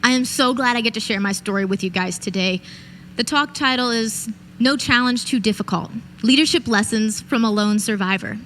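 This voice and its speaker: A woman's voice: on the high side, moderate pace, fairly bright tone, a little hiss or hum. A woman in her late twenties to thirties giving a motivational keynote speech, telling a vivid personal story and addressing the audience directly. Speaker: keynote speaker. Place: event stage.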